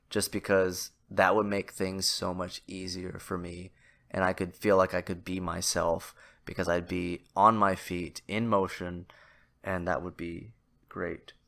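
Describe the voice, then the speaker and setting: A man's voice: sits low, bright, forceful tone. A man hosting a solo podcast, rambling and self-deprecating with lots of fillers and restarts, in a somewhat nasal voice. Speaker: podcast host. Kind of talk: casual solo podcast monologue.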